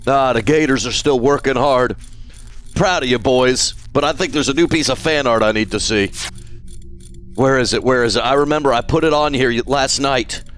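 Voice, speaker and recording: A man's voice: mid-range voice, normal speed, a bit bright, slight background noise. A man streaming live, chatting casually and jokily with his chat. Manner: playful, jokey, talks to chat.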